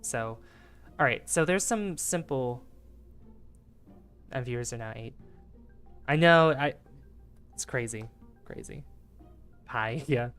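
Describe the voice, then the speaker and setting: A man streams a space game live, talking casually and rambling with plenty of fillers while greeting viewers. His voice is smooth and clear at a middling pitch. Faint game music plays behind him. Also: lively intonation, slow, pauses often, a bit bright. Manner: chatty, rambling, many fillers, greets chat. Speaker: gaming livestreamer. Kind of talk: casual live gameplay commentary.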